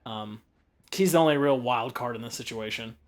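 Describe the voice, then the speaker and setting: A man's voice: medium pitch, moderate pace. A young man giving casual, joking commentary over gameplay, offering tips and laughing often. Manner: giggly, jokey, gives gameplay tips. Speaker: let's play commentator.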